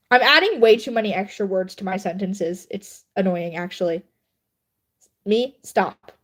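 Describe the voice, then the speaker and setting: Her voice is medium in pitch, unhurried, and broken by long pauses. This young livestreamer and writer chats casually while editing her writing, poking fun at herself and laughing a lot.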